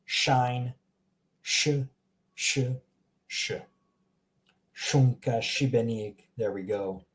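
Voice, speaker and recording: A man teaching pronunciation in a live online lesson, patiently repeating each word and answering viewers. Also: mid-range voice. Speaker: language teacher.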